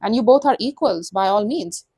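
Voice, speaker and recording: A woman's voice: mid-range voice, animated, moderate pace, mellow, husky, no room sound. A woman giving a casual tarot reading to camera, blunt and sassy, acting out imagined thoughts. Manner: sassy, blunt, acts out quoted inner voices. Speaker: tarot reader.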